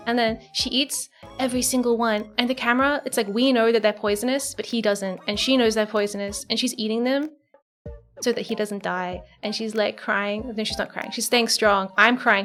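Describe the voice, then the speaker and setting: A woman's voice: fairly high pitch, steady tone, moderate pace. A young woman streamer chatting casually and rambling through a story, with lots of fillers and giggles. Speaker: virtual streamer. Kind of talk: casual live-stream chat. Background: soft background music.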